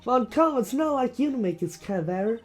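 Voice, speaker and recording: A stern older chief prosecutor hands down a cold reprimand, played by a man. The voice is pushed up high and hoarse. Faint music runs underneath. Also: expressive, quick pace, darkish tone.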